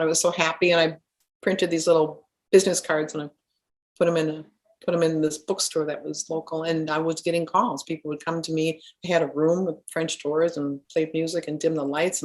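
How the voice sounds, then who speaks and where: Earnest, lower-voiced woman telling her story. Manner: earnest, animated storytelling with frequent restarts. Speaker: spiritual healer. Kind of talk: personal storytelling.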